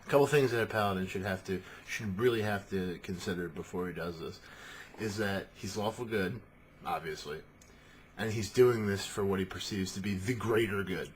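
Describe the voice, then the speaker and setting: A man with a lowish voice rambles through a casual monologue about tabletop gaming. He swears freely and is animated. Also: normal speed, slight background noise. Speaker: tabletop game talker.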